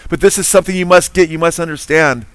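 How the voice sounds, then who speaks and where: A man's voice: fairly high pitch, fast, clean tone, no echo. Emphatic preacher man, dry sound. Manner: earnest, emphatic, quizzes listeners with Bible trivia. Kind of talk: sermon.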